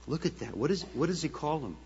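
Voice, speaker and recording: A man preaching a sermon as the pastor, dramatic and swinging between hushed tones and loud bursts. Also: on the high side, big pitch swings, fast talker, a little hiss or hum. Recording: dull lo-fi sound with long hall reverb.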